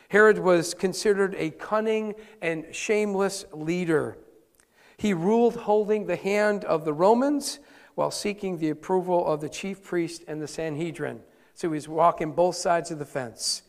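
A male pastor delivering a conversational sermon, repeating key points for emphasis. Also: high voice. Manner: conversational preaching with emphatic repetition. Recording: reverberant hall.

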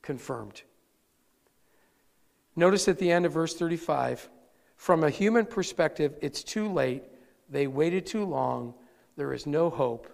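High-voiced male pastor in a reverberant church. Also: lively intonation, unhurried, vocal fry, pauses often, a little mellow. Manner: earnest, conversational, addresses the congregation directly. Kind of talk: sermon. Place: church sanctuary. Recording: long reverb of a large hall.

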